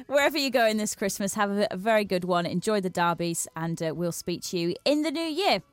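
A woman hosting a radio rugby league show, presenting in a brisk, chatty way. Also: medium pitch, big pitch swings, no room sound. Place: radio studio.

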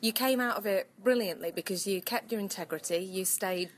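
A woman's voice: medium pitch, a little fast, poor audio. A woman co-hosting a radio show, interviewing a guest in a friendly, giggly way. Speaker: radio co-host.

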